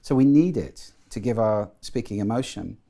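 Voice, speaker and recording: Man, middle-aged, low gravelly voice, mellow tone, articulate, enthusiastic interview guest. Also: expressive, normal speed. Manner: articulate and enthusiastic, demonstrates voices while explaining. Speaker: guest, voice and sound expert. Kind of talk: explanatory interview talk.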